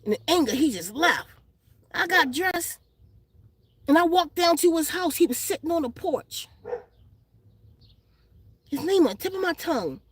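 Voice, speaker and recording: High-voiced woman telling a blunt story. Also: animated, moderate pace, long pauses, a little hiss or hum. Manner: blunt, profane, streetwise slang. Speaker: vlogger. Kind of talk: casual storytelling. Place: outdoors in the sun.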